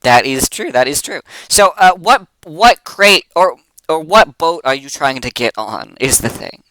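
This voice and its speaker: Chatty game master with a bright voice. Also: mid-range voice, lively intonation, a little slow, no echo, poor audio. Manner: hesitant, many fillers and restarts, casual swearing. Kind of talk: narrating a tabletop game.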